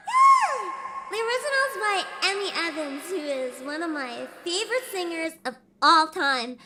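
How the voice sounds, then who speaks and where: A woman streamer chatting casually on a livestream, bubbly and sing-song as she reads out names, her voice rough because she is sick. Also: extremely high pitch, animated, moderate pace, hardly any pauses. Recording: faint background music.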